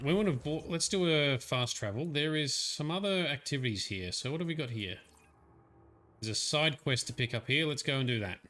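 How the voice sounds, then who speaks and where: Casual male streamer, bright tone, rambling commentary. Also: medium pitch. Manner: chatty, rambling, hesitant. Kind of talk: casual let's-play commentary.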